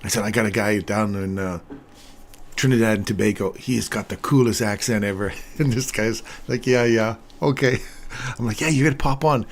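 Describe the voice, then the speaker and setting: A man's voice: on the low side, brisk, slight background noise. An older man hosting a live trading stream, talking casually and chatting with viewers while commenting on charts. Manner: chatty, laughs often, animated when storytelling.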